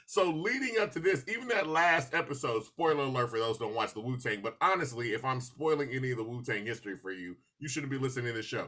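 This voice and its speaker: A man hosting a podcast in casual chat, telling stories with lots of laughter and animated asides. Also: medium pitch, fairly quick, few pauses. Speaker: podcast host.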